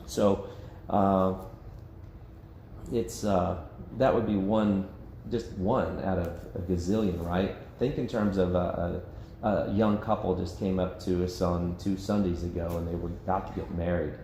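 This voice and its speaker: With a low, steady, warm voice and an unhurried pace, a man leads a casual, conversational Bible study in a church meeting room, acting out quotes and laughing often. The echoey room carries faint background noise.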